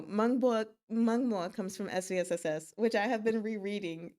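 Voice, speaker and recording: A woman's voice: medium pitch, moderate pace, darkish tone. A woman hosting a live read-aloud of a novel, narrating steadily and chatting in a giggly way with her listeners. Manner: giggly, chatty between readings. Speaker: narrator and live-stream host.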